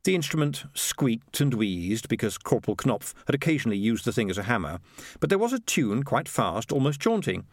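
Expressive male audiobook narrator. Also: medium pitch, a little fast, dry recording, clean studio sound. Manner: lively, expressive storytelling. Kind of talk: scripted narration.

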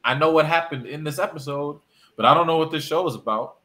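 A man's voice: fairly high pitch, fast talker, pushed and bright. A man co-hosting a casual podcast, ranting emphatically about a TV show. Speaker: podcast co-host. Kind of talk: casual chat.

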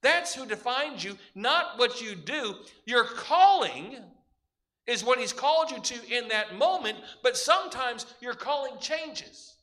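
A man delivering a sermon with a strikingly high-pitched voice. His tone is bright and forceful, and he drives each point home with emphatic, repeated parallel phrases in a classic preaching cadence. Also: lively intonation, measured pace. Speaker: pastor.

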